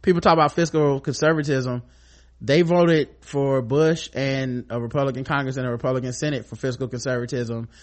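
A man's voice: mid-range voice, steady tone, brisk. A man co-hosting a casual podcast, reading listener mail and talking bluntly and profanely.

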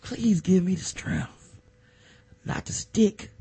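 A man voicing a fiery, preacher-like male football star who threatens and prays loudly. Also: slow pace, vocal fry, breathy edge, full character voice. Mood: menacing preachy. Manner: loud, booming, sermon-like threats and prayer.

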